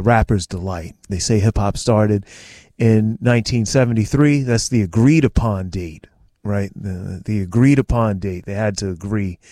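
A man's voice: on the low side, dark tone, no room sound. A man sitting in as a radio programmer, friendly and grateful, telling the stories behind songs in a radio studio. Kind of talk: casual radio chat and music stories.

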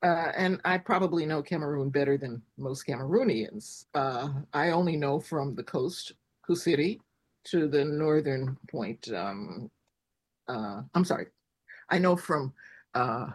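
A woman from the United States, speaking as an interview guest in an animated way, asking herself rhetorical questions and laughing between points. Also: low voice, a little slow, slightly rough. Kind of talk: conversational interview.

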